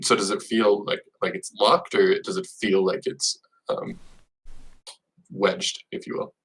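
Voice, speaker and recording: A man with a fairly low voice playing in an online tabletop game from home. He talks in a relaxed, joking way. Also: measured pace, distant mic, rough recording. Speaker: player. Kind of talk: casual tabletop play.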